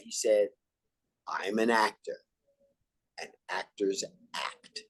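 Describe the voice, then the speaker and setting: An older man from New York talks through his acting career in an easygoing interview. His voice sits in a middle register, and he slips into lively acted-out quotes as he tells the stories. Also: medium pitch, husky. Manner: animated, acts out quotes and catchphrases. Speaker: actor guest. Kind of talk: relaxed interview storytelling.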